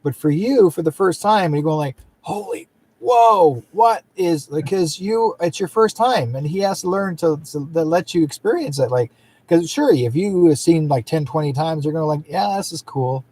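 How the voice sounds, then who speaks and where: A man's voice: fairly high pitch, normal speed, warm tone. A man hosting an interview show who talks in a rambling way, with frequent restarts and fillers. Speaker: host. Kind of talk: casual interview chat.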